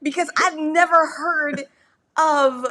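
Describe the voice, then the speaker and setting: A woman co-hosting a casual talk show with her husband from their couch, expressive and quick to laugh. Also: high-pitched. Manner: expressive, laughs easily, slangy interjections. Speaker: podcast co-host, wife. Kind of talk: casual chat. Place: home couch.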